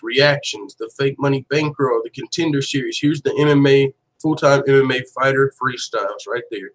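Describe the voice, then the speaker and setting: A man hosting a daily MMA show, talking in casual live commentary with slangy, profane, animated banter. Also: mid-range voice, rough recording.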